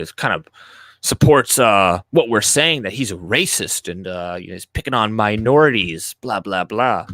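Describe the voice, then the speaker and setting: Speaking at normal speed into a close mic, a young man whose first language is French has a lowish, slightly bright, expressive voice, recorded dry in a dead room. As a livestream host reading comments aloud, he rants off the cuff, cursing freely and mocking with sarcasm.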